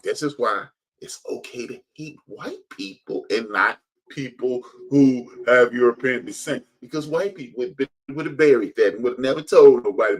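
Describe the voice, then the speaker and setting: A man's voice: medium pitch, low-quality recording. A man hosting a podcast, giving emphatic, preachy commentary that rises in bursts. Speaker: podcast host. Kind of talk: impassioned commentary.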